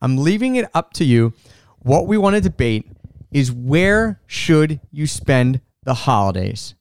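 A man hosting a casual travel podcast, chatty and upbeat, with quick restarts, recorded at home. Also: a little high, sing-song, clear, resonant tone. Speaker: podcast host. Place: home room.

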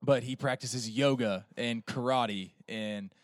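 A man's voice: medium pitch, takes it slowly, dry recording, clean studio sound. A man on a film podcast reading a plot summary and adding casual remarks with fillers. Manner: reads the plot steadily, with fillers when he ad-libs.

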